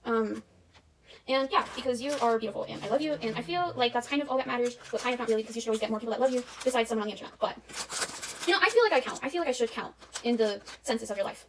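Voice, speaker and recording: Fast-chatting young woman in a kitchen. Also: on the high side, steady tone. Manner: chatty, self-mocking, breaks into snatches of show tunes. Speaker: vlogger. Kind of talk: casual baking vlog chat. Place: home kitchen. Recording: distant camera mic with noise.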